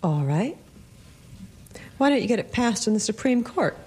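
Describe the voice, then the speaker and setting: An actress playing an impulsive young newlywed wife who is indignant, pleading and quick to tears. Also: female voice, fairly high pitch, sing-song, darkish tone. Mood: angry. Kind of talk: stage-play acting.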